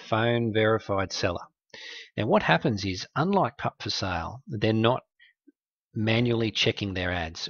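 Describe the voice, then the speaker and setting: A man's voice: lowish voice, fairly bright tone, no echo, highs cut off. A man hosting a walkthrough that exposes scam websites, speaking in a wry, conversational, explanatory way. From Australia. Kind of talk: screen-recorded walkthrough.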